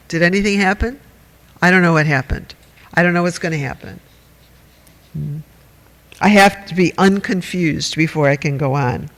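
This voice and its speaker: High-voiced male meditation teacher in a hall. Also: fairly bright tone. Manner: conversational, wry and self-mocking, with audience asides. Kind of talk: dharma talk to a group. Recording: long hall reverb.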